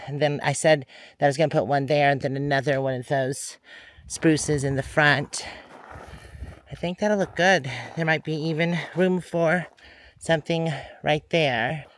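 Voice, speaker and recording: A man's voice: a little high, unhurried, a little hiss or hum. A man casually narrating his garden work outdoors, thinking aloud as he goes. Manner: relaxed, thinking aloud as he works. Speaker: garden vlogger.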